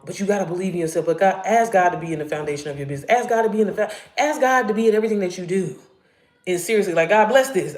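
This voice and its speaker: A woman in her thirties chatting casually on a live stream about faith and digital marketing. She talks candidly, swears, laughs and swoops up high when excited. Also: roomy sound. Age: 30s.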